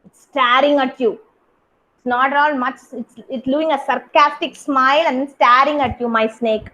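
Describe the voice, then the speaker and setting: A woman's voice: sits high, steady tone, measured pace, pushed and bright, lo-fi sound. A young woman with an Indian English accent, teaching a kindergarten craft class over a video call and praising each child by name. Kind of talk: online class instruction.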